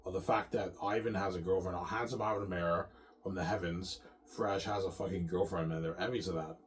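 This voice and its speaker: A man's voice: low voice, fairly even intonation, fairly quick. A man talking straight to his viewers in a long, rambling monologue, swearing freely and repeating himself, tagging lines with "man" and "yeah". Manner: profane, repetitive, ending lines with "man" and "yeah". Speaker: vlogger.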